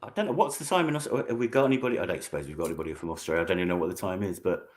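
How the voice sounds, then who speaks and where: A man's voice: low voice, expressive, racing. A British man hosting a casual chat, jokey and playful, laughing often. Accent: British English. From United Kingdom. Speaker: host.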